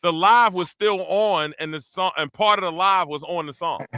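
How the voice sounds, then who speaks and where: A man hosting a casual chat, animated, breaking into sung demonstrations of vocal ranges. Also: sits high, moderate pace, crowd noise. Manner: animated, breaks into singing demos. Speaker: podcast host and parody songwriter.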